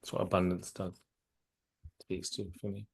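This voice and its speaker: A man's voice: sits low, little pitch movement, moderate pace, vocal fry, breathy edge. A man taking part in an online workshop, answering thoughtfully and trailing off at the ends of his sentences. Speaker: workshop participant.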